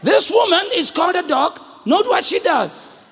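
A man with a South African accent preaching a sermon to a congregation, animated, shouting at the peaks and joking with the crowd. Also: very high voice, normal speed. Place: church hall with congregation. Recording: long echoing hall reverb.

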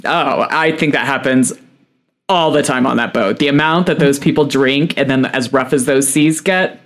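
A man's voice: mid-range voice, moderate pace. Easygoing man making wry asides. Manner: relaxed, many "like" fillers, wry asides. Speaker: podcast co-host. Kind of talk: casual chat.

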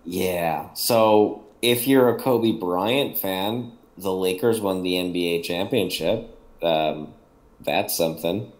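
Deep gloomy-sounding man, podcast co-host. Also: slow. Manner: low, gloomy, flat-sounding delivery. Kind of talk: casual chat.

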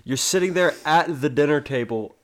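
A man's voice: a little high, normal speed. A man guesting on a casual podcast, talking boisterously, defending himself and issuing bold challenges. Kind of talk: casual chat.

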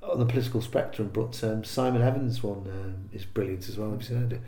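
A man from Liverpool, a comedian, tells gig stories in a relaxed, casual chat. His delivery is lively: he jumps up for the punchlines and drops low for the asides. The room around him is echoey. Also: quick pace. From Liverpool, England. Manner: animated storyteller, acts out heckles in quoted voices. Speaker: comedian guest.

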